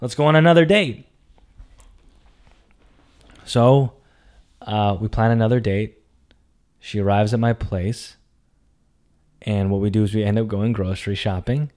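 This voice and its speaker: A young man telling a personal story, animated, acting out quotes with loud outbursts. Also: on the low side, unhurried, pauses often. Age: young adult. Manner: animated, acts out quotes with big loud jumps.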